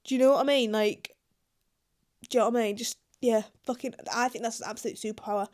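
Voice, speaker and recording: A woman's voice: fairly high pitch, steady tone, quick pace, a little mellow. A young British woman reacting to online confessions in casual, blunt commentary, swearing freely. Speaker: YouTuber.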